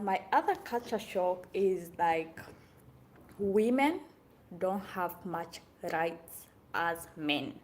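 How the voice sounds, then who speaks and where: Chatty, animated woman from Kenya. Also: medium pitch, a little hiss or hum. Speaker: vlogger. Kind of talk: casual talking-to-camera vlog.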